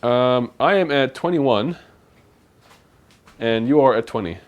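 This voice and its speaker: A man's voice: mid-range voice, animated, slow pace, muffled recording. A man co-hosting a live stream from a home kitchen, chatting casually while he cooks and thanks viewers for donations. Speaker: streamer co-host.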